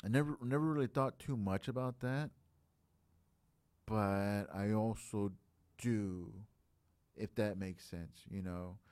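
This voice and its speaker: A man's voice: on the low side, takes it slowly, pauses often, darkish tone, clean tone, no echo. A man in his late thirties chatting casually on a podcast, reflective and rambling, full of filler phrases. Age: late 30s.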